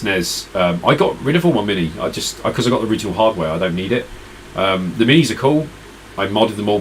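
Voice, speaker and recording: A man's voice: low-pitched, a bit bright, slight background noise, low-quality recording. A tired man streaming retro games, chatting casually and rambling to his viewers. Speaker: retro gaming live streamer. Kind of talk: casual live-stream chat.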